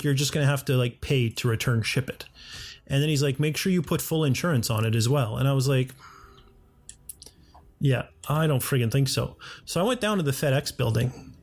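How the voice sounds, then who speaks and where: A man's voice: medium pitch, a little mellow. Guy narrating a game at his desk, chatty, lots of ums and fillers, kinda fed up. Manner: chatty, exasperated, many fillers and quoted dialogue. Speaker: gaming video host. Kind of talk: casual storytelling over gameplay.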